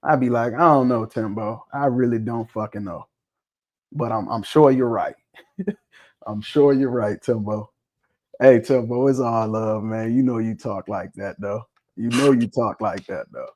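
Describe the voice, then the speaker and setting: A man's voice: on the low side, steady tone, measured pace, mellow, muffled recording. Joking, laid-back man host. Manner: loose, joking, profane, laughs often. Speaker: livestream host. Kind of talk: casual livestream chat.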